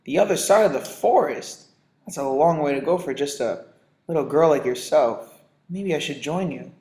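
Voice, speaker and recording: A man voicing a sly, hungry wolf in a read-aloud storybook, coaxing and drawn-out. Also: on the high side, animated, darkish tone, echoey room. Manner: coaxing then menacing, drawn-out lines. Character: sly hungry male big bad wolf.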